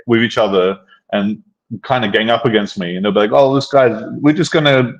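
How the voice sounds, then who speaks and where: A man's voice: on the low side, brisk, dull audio. A man hosting a casual chat, rambling through his own experiences with many restarts. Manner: rambling, frequent restarts and fillers. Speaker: host.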